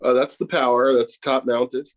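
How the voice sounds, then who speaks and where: Homem modesto e hesitante, convidado. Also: male voice, medium pitch, level tone, moderate pace. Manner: modest, hesitant, with many fillers. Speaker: guest, pedal maker. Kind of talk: casual video-call interview. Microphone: phone on a video call.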